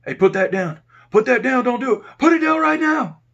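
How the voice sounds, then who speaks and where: A man doing a gruff prison officer. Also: medium pitch, lo-fi sound. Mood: shouting. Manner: curt, hurried commands. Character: gruff male prison officer barking orders.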